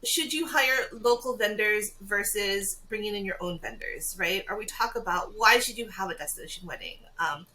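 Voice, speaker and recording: Bright, laughing woman wedding planner. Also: mid-range voice, a little hiss or hum, rough recording. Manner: animated, laughs often, quick storytelling. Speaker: podcast guest, wedding planner. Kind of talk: casual podcast chat.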